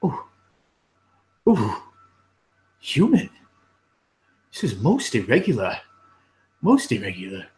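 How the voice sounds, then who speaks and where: A man's voice: medium pitch, huge pitch swings, slow pace, pauses often, a little mellow. A man voicing a fussy, nosy young male hobbit clerk who sounds prim and officious. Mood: flustered.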